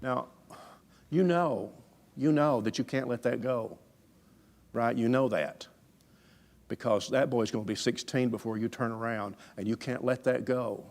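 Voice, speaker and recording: A man's voice: medium pitch, measured pace, pauses often, a little mellow. A man preaching a sermon through stories, folksy, conversational and emphatic. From Alabama, USA. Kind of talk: storytelling sermon.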